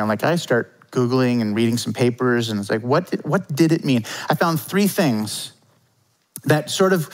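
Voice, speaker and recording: A man's voice: fairly high pitch, low-quality recording. A man preaching a sermon as pastor, from Canada, talking loosely and conversationally with lots of "like" and "kinda".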